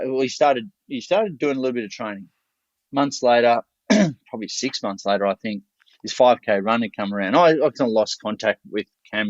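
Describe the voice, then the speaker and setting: An Australian man appears as a podcast guest, telling a story casually in a blunt, salty, loose manner. His voice is fairly low, and the dull, lo-fi recording is dry with no echo.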